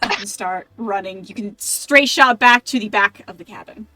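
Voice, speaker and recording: A woman's voice: mid-range voice, normal speed, bright, forceful tone, no echo, soft background music. A woman running a tabletop game as game master, rambling with many restarts.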